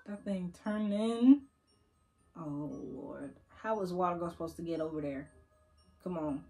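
A woman's voice: fairly low pitch, unhurried, mellow. A young woman giving casual let's-play commentary at her computer, chatting to the viewers and coaxing and teasing the game characters. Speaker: gaming YouTuber. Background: faint game music.

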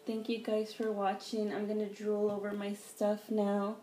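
Slow-talking woman in an echoey room. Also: mid-range voice, monotone, mellow. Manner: gushing, easily delighted, gasps. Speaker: craft vlogger. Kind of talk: casual unboxing chat. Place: home room. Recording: echoey room, faint background noise.

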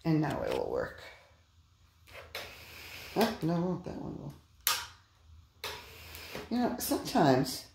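A woman's voice: low voice, huge pitch swings, slow, gravelly, long pauses. Exasperated woman muttering over her hobby. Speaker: model railroad hobbyist. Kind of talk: casual running commentary. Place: indoor room with model train layout. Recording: echoey room with background noise.

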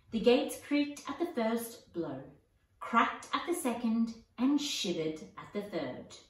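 A woman reading a children's storybook aloud in a gentle, expressive way. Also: mid-range voice. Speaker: audiobook reader. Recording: echoey, distant mic.

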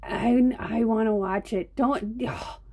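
A woman's voice: fairly high pitch, takes it slowly, a little mellow, breathy edge. A middle-aged woman hosting an art live stream, rambling and chatting straight to her viewers. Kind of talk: casual live-stream chat.

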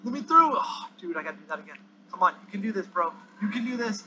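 A high-pitched male gamer with a bright, sharp voice commenting on his play. He is excitable, yelping and groaning as things go wrong. The recording is dull and lo-fi with a faint hiss underneath. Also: quick pace. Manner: excitable, yelps and groans at the game.

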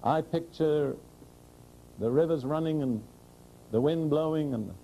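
A man preaching a sermon to a congregation, speaking earnestly and directly, asking rhetorical questions, and slowing down to proclaim scripture. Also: a little high, vocal fry, highs cut off, a little hiss or hum. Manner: slows and rises to proclaim scripture.

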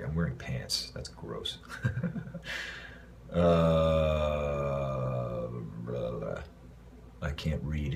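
A man from Los Angeles casually answering fan messages in a livestream, rambling and relaxed with lots of fillers. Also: extremely low pitch, slight background noise. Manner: laid-back, rambling, loose with fillers. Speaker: actor answering fans.

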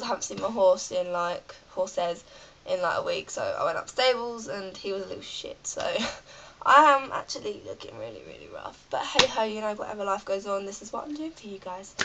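A woman's voice: mid-range voice, big pitch swings, fairly quick, a bit bright, slight background noise, rough recording. A British woman with a cold, ranting in a rambling, chatty vlog full of fillers. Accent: British English. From Britain. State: has a cold. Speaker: vlogger.

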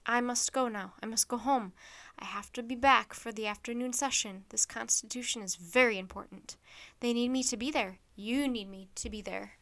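A woman's voice: a little high, normal speed, a bit bright. A woman voicing a wise old statesman, earnest and formal.

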